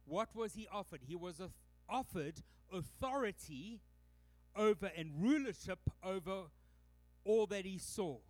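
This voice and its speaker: A man's voice: high voice, lively intonation, measured pace, no echo. A man with a Canadian accent, preaching a sermon to his church and acting out quoted voices. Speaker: pastor.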